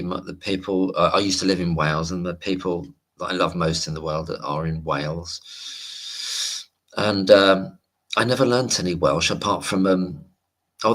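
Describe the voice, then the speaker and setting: Male streamer, very low voice, casual and digressive, reads out chat comments. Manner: rambling and digressive, reads viewer comments aloud. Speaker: livestream host. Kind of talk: casual late-night livestream chat.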